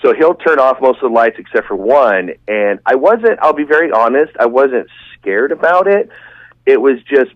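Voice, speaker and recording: A man's voice: mid-range voice, lively intonation, normal speed, no echo. A man telling a long, rambling, enthusiastic story as a guest in a casual podcast chat. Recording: dull, dry, lo-fi sound.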